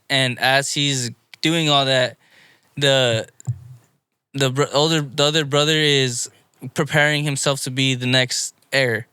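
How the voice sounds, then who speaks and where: Guy rambling through an anime recap, bright clear voice, dry close sound. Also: medium pitch, dry recording. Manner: rambling, animated play-by-play with frequent restarts. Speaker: podcast co-host. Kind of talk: casual chat recapping anime episodes.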